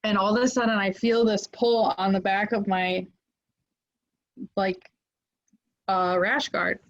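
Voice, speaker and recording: A woman guest on a podcast, telling a story casually with lots of "like" fillers and getting animated as it builds. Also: mid-range voice, measured pace, lo-fi sound. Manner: animated, lots of "like" fillers, rises when excited.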